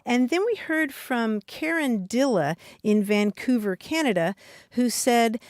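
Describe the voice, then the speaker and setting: A woman's voice: fairly high pitch, animated, unhurried, no room sound, clean studio sound. A woman co-hosting a radio talk show about language, reading listener emails aloud in a casual, chatty way. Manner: reads listener emails aloud, warm laughing asides.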